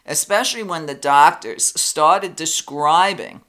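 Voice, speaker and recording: A man's voice: fairly high pitch, a little slow, bright, forceful tone. A man who hosts his own show, talking bluntly and indignantly in a casual political chat. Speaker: talk show host.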